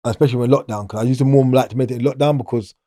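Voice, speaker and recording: A man's voice: medium pitch, fairly even intonation, rapid-fire, warm tone, no room sound, clean studio sound. A middle-aged man, talking casually as an interview guest, rambling and restarting his sentences. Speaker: guest, former prisoner.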